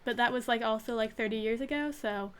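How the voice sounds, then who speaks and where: A woman's voice: fairly high pitch, fairly quick, a little hiss or hum. A young woman streamer chatting casually and rambling with fillers while she plays a game. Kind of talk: casual chat while gaming.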